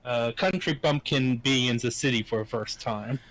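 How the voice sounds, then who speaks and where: A man taking part in a tabletop game over voice chat. He speaks hesitantly and thinks aloud, with a voice at a middling pitch. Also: moderate pace, fairly bright tone, poor audio. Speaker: player.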